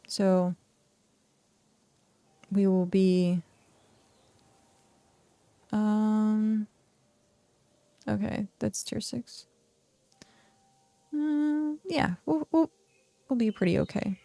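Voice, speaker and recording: A woman's voice: mid-range voice, drawn-out words, long pauses, mellow, dry recording. A woman streaming a game, chatting casually and thinking aloud with lots of fillers and trailing sentences. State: hiccuping and yawning. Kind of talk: casual streaming chat while playing.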